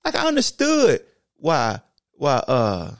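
A man hosting a sports podcast, talking with emphatic repetition that swings between low, heavy stretches and high, excited bursts. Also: slow pace, no room sound, clean studio sound. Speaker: podcast host and former football player. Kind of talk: impassioned monologue.

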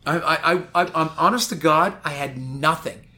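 A man telling a long anecdote in a casual chat, animated and rambling, full of "like". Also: fairly high pitch, normal speed. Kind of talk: casual storytelling.

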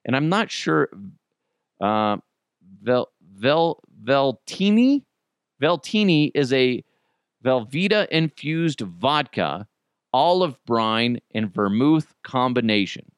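Lively, crude, joking male podcast host. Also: medium pitch, takes it slowly, clean tone, no echo, studio quality. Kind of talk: comedic podcast commentary.

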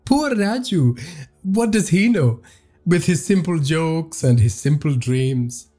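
A lowly servant sneers and sing-songs his taunts, as a male narrator plays him, his voice pushed high above the reader's own. The pitch swoops all over, with a husky edge underneath. It sits in a spoken horror story. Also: animated, takes it slowly, mellow. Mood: taunting. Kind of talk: audiobook horror reading.

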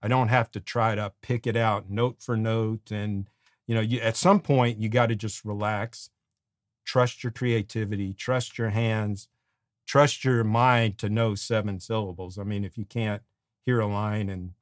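A middle-aged man co-hosting a songwriting show, giving casual advice in an animated way and humming melody bits as he talks. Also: lowish voice, measured pace, dry recording, clean studio sound. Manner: animated, sings melody fragments, acts out quotes. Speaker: podcast co-host and songwriting teacher.

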